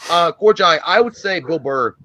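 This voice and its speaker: A man's voice: fairly high pitch, animated, moderate pace, crowd noise. A man co-hosting a live movie stream, chatting casually with profane, crude jokes.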